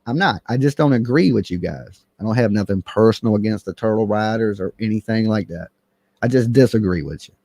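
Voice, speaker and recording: A man's voice: fairly low pitch, fairly quick, darkish tone, no room sound. A man hosting a true crime livestream, ranting in a profane, mocking and combative way.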